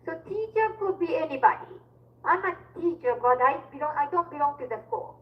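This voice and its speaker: A woman's voice: sits high, expressive, brisk, muffled recording. A woman working as an independent tutor in a one-on-one lesson, explaining step by step and modeling words for her student.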